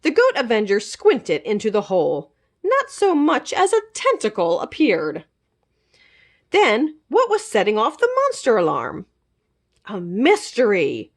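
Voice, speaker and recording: A children's librarian reading a chapter book aloud, her voice swooping up and down with animated expression. She takes it slowly and clearly, in a mid-pitched woman's voice.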